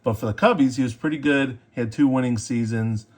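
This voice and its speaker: A man hosting a casual show-and-tell video about collectible cards, chatty and enthusiastic, with fillers and quick self-corrections. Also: medium pitch, darkish tone. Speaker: sports card collector and video host.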